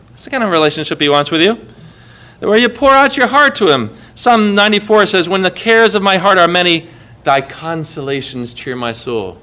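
A middle-aged pastor delivers a sermon in a high, bright voice. He swings between emphatic, lifted phrases and soft, hushed asides. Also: lively intonation, a little fast, smooth. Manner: preaching with emphatic rises and quiet, hushed asides.

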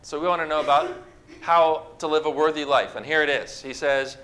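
A man's voice: fairly high pitch, fairly even intonation, brisk, sharp tone, slight background noise. A man preaching a sermon to a congregation, talking conversationally and asking the people questions. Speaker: pastor. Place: church with a congregation.

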